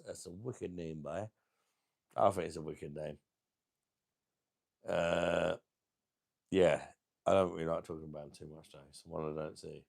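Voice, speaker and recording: A man's voice: low-pitched, creaky, a little mellow. A man reviewing beers on a live stream, chatting crudely to viewers in a rambling, hesitant way.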